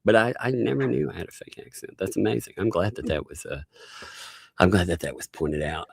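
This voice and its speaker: A man's voice: sits low, lively intonation, fairly quick, creaky, breathy edge, no echo, studio quality. A man hosting a casual live-stream chat, often laughing through his sentences. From the Bronx. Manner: laughs often, chuckling asides. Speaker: host.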